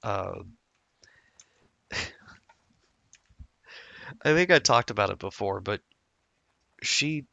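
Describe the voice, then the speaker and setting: Gravelly-voiced rambling streamer man. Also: fairly low pitch, expressive, drawn-out words, long pauses, pushed and bright, no echo, highs cut off. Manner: rambling, self-interrupting storyteller. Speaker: gameplay streamer. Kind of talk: casual gameplay commentary.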